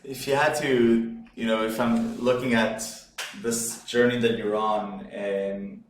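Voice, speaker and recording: Man, podcast host, halting questions, echoey room, faint background noise. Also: mid-range voice, fairly even intonation. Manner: halting, repeats words. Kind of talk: interview questions.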